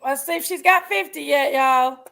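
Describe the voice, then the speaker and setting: A woman's voice: high voice, moderate pace, vocal fry, pushed and bright. A woman hosting a casual live stream, upbeat and chatty, talking straight to her viewers.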